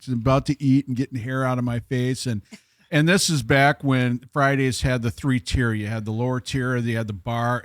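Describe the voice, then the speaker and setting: A man's voice: mid-range voice, fairly bright tone, no echo. A middle-aged man chatting casually on a podcast, animatedly telling a funny story and laughing as he talks.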